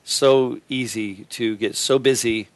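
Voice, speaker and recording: A man hosting a Christian talk show and preaching, speaking in a halting way with many fillers and restarts. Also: mid-range voice, steady tone.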